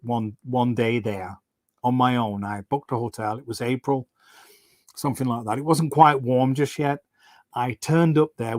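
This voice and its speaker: A man's voice: mid-range voice, dry recording, studio quality. A middle-aged man hosts a casual live stream for his fans, telling rambling, enthusiastic stories full of restarts. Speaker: singer hosting a fan livestream.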